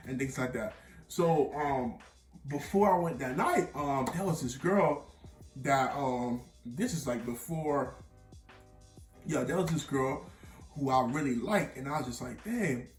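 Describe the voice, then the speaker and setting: A young man telling an animated storytime tale full of slang, with bursts of laughter. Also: medium pitch, recorded from a distance. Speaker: vlogger. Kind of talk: storytime vlog. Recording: echoey room, off-mic.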